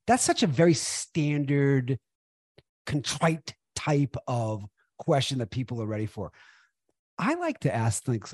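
A husky-voiced man guests on a podcast, his pitch swinging up and down as he stresses his points. He repeats phrases to drive them home, and the recording is dry and close. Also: a little slow, no echo. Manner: animated, emphatic, repeats for stress. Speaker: guest speaker and trainer. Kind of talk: conversational interview.

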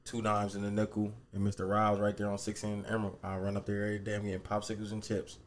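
A low, flat-voiced man, telling a story as a podcast guest. He rambles in a relaxed, humble way, with faint noise behind him. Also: quick pace. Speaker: podcast guest, fitness trainer. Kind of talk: casual storytelling.

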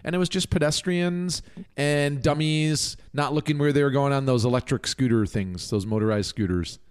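A man of middle pitch co-hosting a podcast in easygoing, rambling chat. He laughs often, swears now and then, and drifts from topic to topic. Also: normal speed, clear, resonant tone. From Minnesota, United States. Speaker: podcast co-host. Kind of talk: casual chat.

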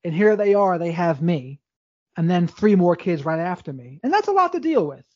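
A man's voice: high voice, very animated, moderate pace, darkish tone, no room sound. Guy rambling through his story on a podcast, candid, keeps restarting, dull lo-fi audio. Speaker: podcast guest. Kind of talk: casual storytelling interview.

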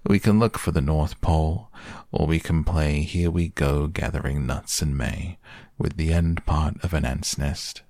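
A man voicing a gloomy old male donkey who grumbles slowly, in a soft bedtime storybook reading. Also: very deep voice, steady tone, no echo, clean studio sound. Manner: slow, drawn-out complaining.

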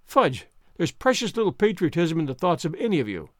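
A man's voice: on the high side, big pitch swings, fairly quick, dry recording, clean studio sound. A man voicing a stern, disapproving older spinster woman in a storybook reading, speaking in a curt, scolding way.

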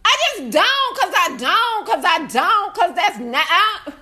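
Woman, live food-review rant; loud, profane, swooping and animated delivery, bright edge. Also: very high voice, a little slow. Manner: laughs through her complaints. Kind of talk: casual ranting review.

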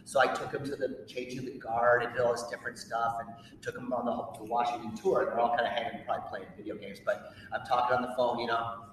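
Brief: male teacher, quick animated storyteller, distant mic in a reverberant hall. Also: medium pitch. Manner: animated storyteller, acts out quotes. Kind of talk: telling a personal story to an audience. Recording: echoey hall, distant mic, faint noise.

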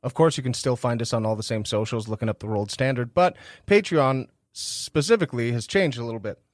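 A man's voice: mid-range voice, dry recording, studio quality. A man hosting a tabletop game podcast, reading an outro and joking with friends. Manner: quick, laughing banter. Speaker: podcast host. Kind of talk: casual chat.

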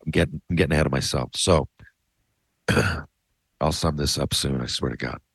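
A low-voiced middle-aged man rambling through a story on his podcast, swearing freely and cutting himself off to circle back. The sound is close and dry, with no room around it. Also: fairly even intonation, normal speed, slightly rough, dry recording. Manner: rambling, profane, self-interrupting. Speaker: podcast host. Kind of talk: casual storytelling.

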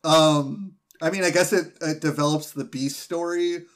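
A man's voice: on the high side, steady tone, a little slow. A man co-hosting a podcast, chatting casually and rambling with restarts. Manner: rambling, many restarts and fillers. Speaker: podcast co-host. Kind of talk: casual chat.

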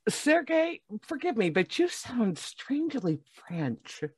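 A woman's voice: high-pitched, sing-song, takes it slowly, slightly rough, dry recording. A woman from Alabama, a guest on a comedy podcast, chatting casually with laid-back, dry teasing.

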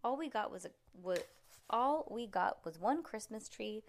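A woman's voice: mid-range voice, animated, moderate pace, close to an everyday voice. A woman reading aloud, voicing a sulky young boy complaining about his bad bowling. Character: grumbling young boy who lost. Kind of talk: reading a picture book aloud.

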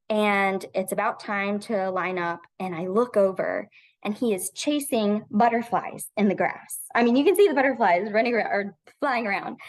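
A woman in her thirties, a teacher and podcast guest, telling a personal story in an earnest, heartfelt way with frequent pauses and ums. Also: mid-range voice. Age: 30s.

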